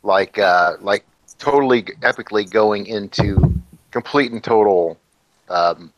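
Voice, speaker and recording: Speaking a little slowly in a lowish voice, a podcast co-host on a casual livestream drags out a long anecdote full of swearing, fillers and restarts. It's rambling storytelling chat. There's no echo, but the recording sounds muffled.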